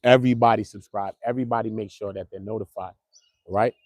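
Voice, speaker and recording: A man hosting a casual online commentary show, animated and slangy, talking straight to his viewers. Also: on the low side, fast, no echo. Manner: animated, slangy, keeps calling viewers bro. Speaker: commentary channel host.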